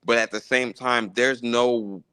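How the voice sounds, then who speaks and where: Bright-voiced, easygoing man on a close mic. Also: medium pitch, measured pace, clean tone, dry recording. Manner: relaxed, loose speech with many fillers and restarts. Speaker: guest musician, gospel pianist. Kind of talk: casual live interview.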